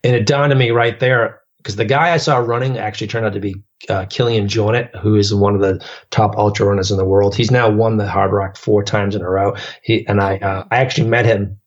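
A man's voice: on the low side, steady tone, a little fast, lo-fi sound. A man telling long stories in casual chat as a podcast guest, rambling with many fillers and restarts.

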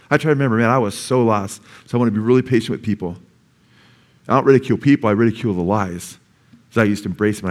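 Casual-preaching man, sermon. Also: medium pitch. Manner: conversational preaching, often tags lines with "amen?" and "man". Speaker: pastor. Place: church.

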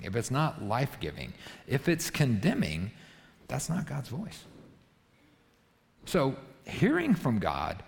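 Gravelly-voiced pastor preaching in a reverberant hall. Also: male voice, medium pitch. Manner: emphatic, punctuates points with rhetorical "right?". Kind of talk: sermon. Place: church auditorium.

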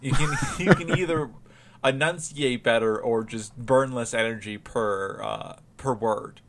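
A man's voice: mid-range voice, unhurried, fairly bright tone. Rambling, giggly podcast host man. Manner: rambling, laughs often, many restarts. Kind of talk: casual chat.

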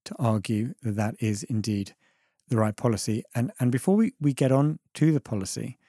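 Male debate panelist, husky dark tone, dry sound, thoughtful with stumbling restarts. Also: medium pitch, normal speed, no echo. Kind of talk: debate argument.

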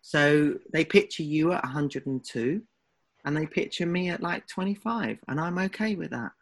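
A man's voice: on the high side, normal speed, creaky. A man with an Essex accent co-hosting a podcast in casual chat, teasing and protesting dramatically. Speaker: podcast co-host.

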